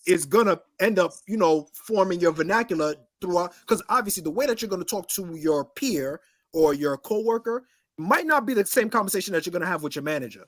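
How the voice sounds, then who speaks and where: A man's voice: sits high, animated, fairly quick, a bit bright, dry recording, studio quality. A man co-hosting a podcast in casual debate, often asking if you get what he's saying. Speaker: podcast co-host.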